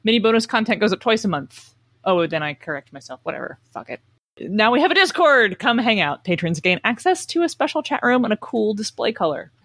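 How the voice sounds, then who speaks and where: A woman's voice: mid-range voice, sing-song, fairly quick, fairly bright tone, no echo. A young adult woman co-hosting a podcast, dry and wry, chatting and reading sponsor spots. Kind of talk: casual podcast chat and ad reads.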